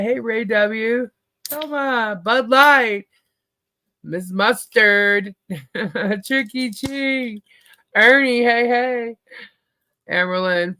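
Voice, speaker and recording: Woman livestream host, slow easygoing delivery, chatty, laughs a lot, slightly worn voice. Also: medium pitch, pushed and bright. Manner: greets viewers by name, laughs often. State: losing her voice. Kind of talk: casual livestream chat.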